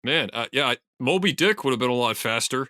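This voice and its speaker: A man's voice: medium pitch, animated, fairly quick, bright, forceful tone, no room sound, clean studio sound. A man co-hosting a comedy podcast in casual chat, riffing on jokes and laughing often. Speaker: podcast co-host.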